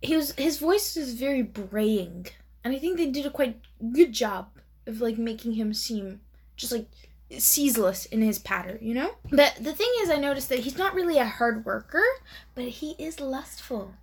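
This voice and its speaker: A woman's voice: on the high side, animated, darkish tone, husky. A woman from Karnataka in India, a native Kannada speaker, co-hosting a casual chat with a playful, giggly manner. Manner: playful, giggly, drawn-out delivery. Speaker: podcast co-host.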